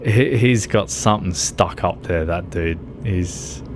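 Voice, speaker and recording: A man's voice: sits low, takes it slowly, noisy background. A man streaming a game who chats casually, rambles and laughs often.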